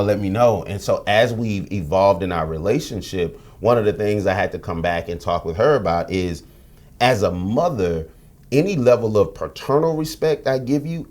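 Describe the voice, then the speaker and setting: A middle-aged man from the US, his voice on the low side with a darkish tone, talks as a podcast guest. He recounts stories frankly and animatedly, using slang and swearing, in a candid interview.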